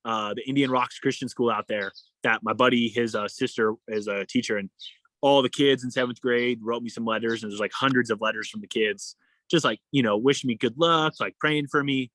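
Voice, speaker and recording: A young man talks in a relaxed, casual way as a podcast guest, jumping into the voices of the people in his story as he goes. His voice sits at an ordinary pitch. The sound is dry and close to the mic. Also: a little fast, no room sound. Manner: animated, acts out quoted dialogue. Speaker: guest, endurance athlete.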